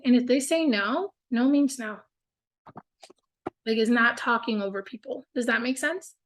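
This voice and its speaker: A woman leads a casual group coaching call, upbeat and encouraging, often saying "like" and "y'all". Her voice sits fairly high. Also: measured pace, pauses often, fairly bright tone.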